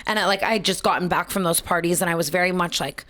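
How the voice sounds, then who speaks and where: Young female podcast co-host, slightly low voice, emphatic, rambling chat. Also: fast talker, a bit bright. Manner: emphatic, ruminating, rambling talk. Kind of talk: casual chat.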